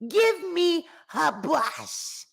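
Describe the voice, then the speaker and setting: A woman's voice: very high voice, big pitch swings, drawn-out words, vocal fry, pitched above the performer's own voice, heavily acted. A woman putting on a bossy mother who insistently demands a rival's hairbrush for a hex. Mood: scheming. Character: scheming older mother plotting a hex.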